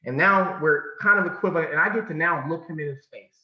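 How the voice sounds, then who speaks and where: A man from California giving a motivational talk, telling a personal story with emphasis and sudden drops to a hush. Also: fairly high pitch, fast talker. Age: adult. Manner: emphatic, swinging from loud to hushed, repeats phrases. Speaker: motivational speaker. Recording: muffled sound in an echoey room.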